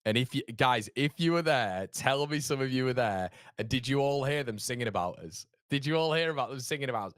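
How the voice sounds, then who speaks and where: A man's voice: mid-range voice, animated, moderate pace, clean tone, no echo. A man from York, hosting a live football watchalong in a chatty, rambling way with frequent laughter. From York, England. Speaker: watchalong host.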